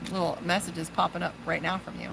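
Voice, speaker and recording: A woman with a lowish voice and vocal fry speaks briskly with fairly even intonation against a noisy background. She is a tarot reader and psychic from Las Vegas, USA, live-streaming a casual poolside reading outdoors, gabbing, swearing freely and pausing to speak to her dog.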